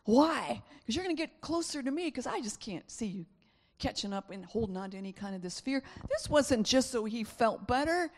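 A woman preacher giving a conversational sermon, acting out voices with laughing asides. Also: fairly high pitch.

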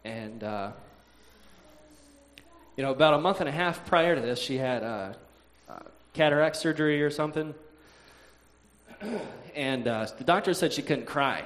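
A man telling a personal faith story in a halting way, with frequent "uh"s, sighs and restarts. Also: medium pitch, animated, a bit bright, slight background noise.

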